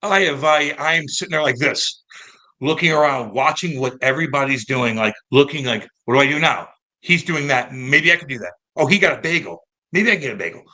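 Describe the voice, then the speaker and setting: Man, former hockey player, bright clear tone, animated storytelling, swears freely, casual interview. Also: medium pitch, fairly quick. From St. Louis, United States. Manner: animated, profane, acts out quoted voices.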